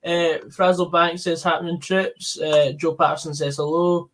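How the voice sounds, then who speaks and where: A man's voice: fairly high pitch, flat delivery, normal speed, a bit bright, slight background noise. A man hosting a live football stream, chatting casually with co-hosts and reading out viewer comments, with plenty of fillers.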